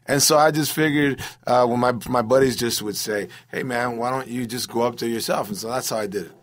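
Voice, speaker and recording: A middle-aged man, a comedian, telling stories in a loose, rambling way, full of "bro" and "you know". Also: mid-range voice. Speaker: comedian guest. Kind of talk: casual storytelling interview.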